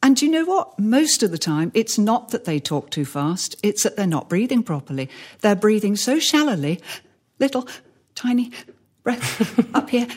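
A woman coaching on presenting, talking animatedly and swinging her voice up and down for emphasis. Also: moderate pace. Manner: animated, plays with pitch and pace for emphasis. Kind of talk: podcast chat giving advice.

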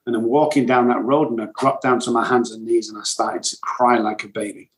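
A podcast guest from England, a middle-aged man, speaks fairly quickly in a mid-range voice with a steady tone, on a reverberant, low-quality recording. Blunt and intense, he shares his emotional recovery story and describes himself as loud and cocky.

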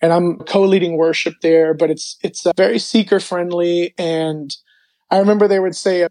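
Animated man sharing a faith testimony. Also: high-pitched, moderate pace, no room sound. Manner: animated storytelling with many filler words. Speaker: interview guest.

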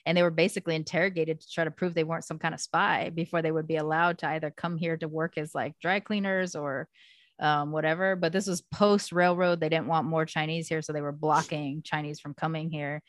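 A woman's voice: low voice, fairly quick, no room sound, studio quality. A woman in her forties from the US West Coast, chatting casually and swearing freely as she tells stories. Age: 40s. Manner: profane, animated storytelling with quoted voices. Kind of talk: casual chat.

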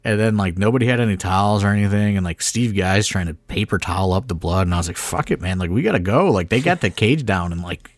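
Low-voiced man telling rambling backstage stories. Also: fast talker, few pauses, no room sound. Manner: rambling, filler-heavy storytelling with mild swearing. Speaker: podcast co-host, wrestling promoter. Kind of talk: casual chat.

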